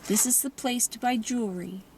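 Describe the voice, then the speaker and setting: A woman's voice: on the high side, fairly quick, a little mellow, recorded from a distance, a little hiss or hum, natural voice. A woman doing an earnest teenage girl. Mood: awed. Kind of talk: audiobook character reading.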